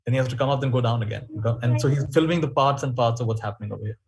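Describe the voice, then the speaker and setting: Husky man giving a webinar talk. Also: mid-range voice, very fast. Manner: storytelling, animated and reflective. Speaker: workshop speaker.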